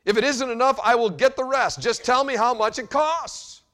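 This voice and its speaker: A man's voice: very high voice, normal speed, sharp tone, pitched above the performer's own voice. A man voicing a determined little girl who is pleading and insistent, in a sermon story.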